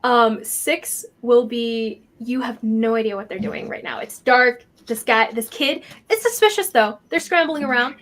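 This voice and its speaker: A woman's voice: on the high side, a little slow, few pauses, fairly bright tone. A woman narrating as game master, describing scenes with many fillers.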